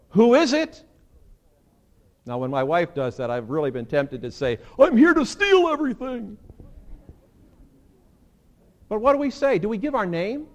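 A pastor delivering a Sunday sermon in a somewhat high male voice. He is lively and theatrical, and his voice leaps upward whenever he plays out a quotation. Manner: animated, acts out quoted lines with big jumps in pitch.

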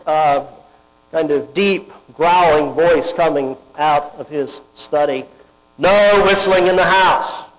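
A man preaching a sermon, deliberate and emphatic, often asking rhetorical questions. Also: on the high side. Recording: dull lo-fi with mains hum.

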